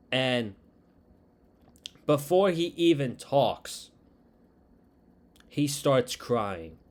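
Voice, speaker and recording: Slow-talking man recapping wrestling. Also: medium pitch. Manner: slow, unhurried retelling with quoted dialogue. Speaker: wrestling show reviewer. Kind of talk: casual recap.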